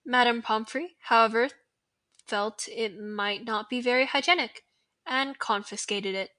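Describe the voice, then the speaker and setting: A young woman voicing a kindly old headmaster who speaks in a calm, genteel, gently teasing way. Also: on the high side, unhurried. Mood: amused.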